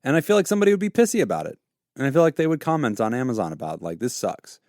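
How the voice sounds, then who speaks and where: Lively, laughing podcast co-host man. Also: medium pitch, very fast, dry recording, studio quality. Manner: swears freely and laughs often. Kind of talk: casual podcast banter during a guessing game.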